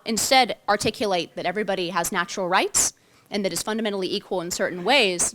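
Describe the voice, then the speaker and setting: A woman's voice: medium pitch, fairly bright tone, slight background noise. A woman policy analyst giving prepared panel remarks, earnest and argumentative, with some fillers and small laughs. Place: club meeting room, audience present.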